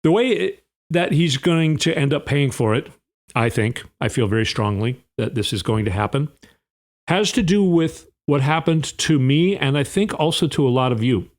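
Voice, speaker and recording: A man's voice: on the high side, animated, normal speed. A man hosting a podcast, delivering a rambling, sarcastic political monologue with an indignant edge. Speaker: podcast host.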